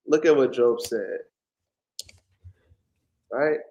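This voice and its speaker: A man preaching informally on scripture, often pausing to ask "right?" and restarting his sentences. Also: medium pitch, dark tone, slight background noise. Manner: keeps asking "right?", stops and restarts often. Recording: echoey room.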